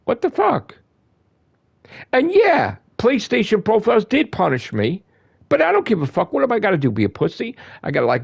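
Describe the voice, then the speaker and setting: A man on a gaming live stream, ranting in a heated, profane way, repeating himself and swinging from loud outbursts to low grumbles. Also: gravelly, slightly rough, highs cut off. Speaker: gaming livestreamer.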